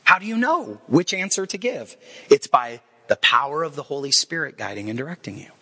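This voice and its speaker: A man in his forties preaching a sermon, telling the story with lively acted-out quotes. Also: a little high, fairly quick, slightly rough. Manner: animated storyteller acting out quoted voices. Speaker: pastor.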